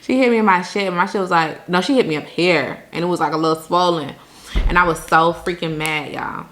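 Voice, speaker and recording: A woman from Jamaica tells her viewers a vacation story in a casual, chatty way. Her voice is bright and a little low, and she laughs often as she talks straight to the camera. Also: brisk. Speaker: vlogger telling a story.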